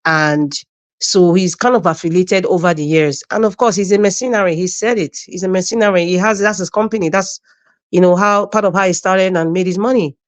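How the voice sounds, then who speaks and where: A woman's voice: on the low side, brisk. A woman giving emphatic political commentary as a panel guest on a live stream. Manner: emphatic, animated, mimics others mid-speech.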